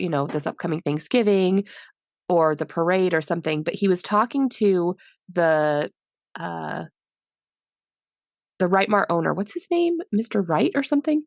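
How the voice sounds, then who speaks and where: A woman's voice: lowish voice, no echo, studio quality. A woman co-hosting a podcast, chatting casually about a horror film, laughing often and gushing about what she loved. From New England. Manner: laughing, gushing, fond of the characters. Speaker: podcast co-host. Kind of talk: casual film review chat.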